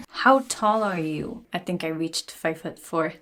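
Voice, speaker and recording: A woman's voice: low voice, unhurried, fairly bright tone, a little hiss or hum. A woman in her twenties chatting casually while answering viewer questions, laughing often. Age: 20s. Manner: chatty, laughs often, switches languages, sings snippets. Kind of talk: casual Q&A chat.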